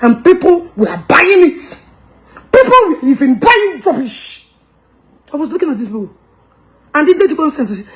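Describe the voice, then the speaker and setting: A woman's voice: sits high, sing-song, normal speed, pauses often. A woman with a Nigerian Igbo accent delivering a heated, mocking rant as a commentator. She mixes English and Igbo and laughs with scorn. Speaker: social media commentator.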